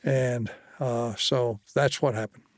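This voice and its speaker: A man's voice: medium pitch, steady tone, slow, no room sound, studio quality. An older man from Kentucky, a former state official, telling plainspoken stories from his career in an interview. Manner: plainspoken anecdotal storyteller, quotes others. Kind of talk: storytelling interview.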